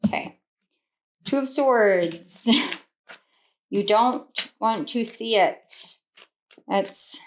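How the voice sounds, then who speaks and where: A woman's voice: on the high side, lively intonation, extremely slow, pauses often, a little hiss or hum. A woman reading tarot cards to camera, earnest and rambling, often repeating herself and laughing. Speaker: tarot reader.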